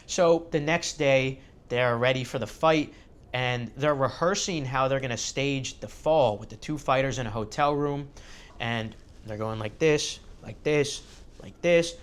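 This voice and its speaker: A man tells a story in a relaxed, chatty way, full of filler words. His voice sits at an ordinary middle pitch for a man. He rushes ahead, then slows down for effect. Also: smooth. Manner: animated, filler-heavy. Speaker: host. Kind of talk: casual storytelling.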